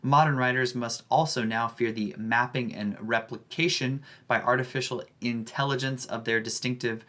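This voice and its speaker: A man, a high school English teacher, giving a scripted academic presentation with a careful, measured delivery. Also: fairly even intonation, fairly bright tone.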